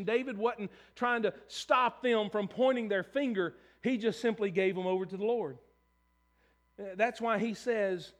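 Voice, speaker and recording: Male pastor, high voice, earnest conversational preaching with restarts. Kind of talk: sermon.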